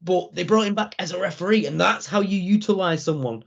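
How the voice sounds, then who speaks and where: A man's voice: high-pitched, brisk, creaky. A man co-hosting a casual wrestling podcast, enthusiastic and rambling, with dry jokes. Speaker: podcast co-host. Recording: dull lo-fi sound.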